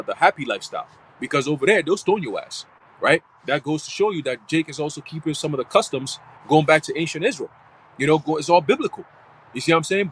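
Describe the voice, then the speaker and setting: A man's voice: on the high side, a bit bright, slight background noise, poor audio. A man giving a live church teaching in casual, slangy, profane talk full of fillers. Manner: slangy and profane, heavy fillers like "you know what I'm saying". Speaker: church speaker.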